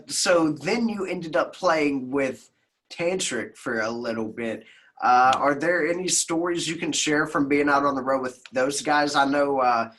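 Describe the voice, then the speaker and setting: A man's voice: mid-range voice, fairly bright tone. A man hosting a podcast, asking laid-back questions in a casual interview. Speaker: podcast host.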